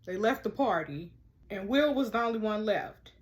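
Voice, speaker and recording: Woman, casual gaming commentary, chatty, talks to viewers, mid pitch. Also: expressive, moderate pace. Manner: chatty, talks to viewers, reads texts aloud. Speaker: gamer playing a mystery game. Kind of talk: casual let's-play commentary.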